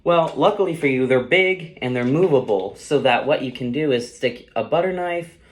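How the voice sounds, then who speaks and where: A young man, a music student, giving a relaxed saxophone lesson, explaining loosely with many fillers. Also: mid-range voice, normal speed. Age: young adult. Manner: casual, loose explanations with fillers like "you know" and "um". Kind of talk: instructional demonstration. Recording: roomy echo with saxophone playing. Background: saxophone notes between phrases.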